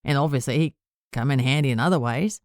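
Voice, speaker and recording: A woman's voice: very deep voice, fast talker, a little mellow, no echo, studio quality. A woman voicing a smug, boastful male warlock leader in an audiobook, talking down to others in a casual, patronizing way. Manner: patronizing, casual and self-satisfied. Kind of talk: audiobook character reading.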